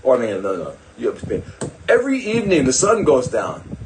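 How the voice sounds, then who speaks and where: A man's voice: mid-range voice, wildly swooping pitch, normal speed, background noise. An older man, a doctor hosting a live stream, talking in a digressive, sarcastic way with mocking asides to his viewers. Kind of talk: rambling live-stream talk.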